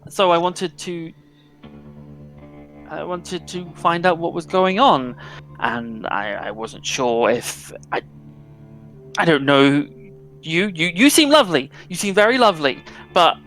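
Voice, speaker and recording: A man's voice: a little high, slow pace, long pauses, fairly bright tone, soft background music, voice pushed up. A man voicing a young female reporter in her late teens, stammering and apologetic. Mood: earnest.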